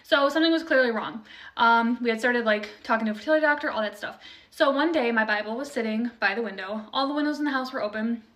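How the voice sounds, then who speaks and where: Young woman, casual testimony, chatty with fillers, slightly high, a bit off-mic. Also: fast talker, a bit bright, far from the mic. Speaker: storyteller sharing a testimony. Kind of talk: casual personal testimony video.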